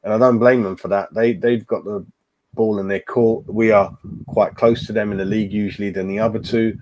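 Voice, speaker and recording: Man, forties, mellow tone, casual fan chat, calls everyone mate, webcam-style mic. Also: on the low side, fairly even intonation, brisk. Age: 40s. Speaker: fan channel host. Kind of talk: casual live-stream chat.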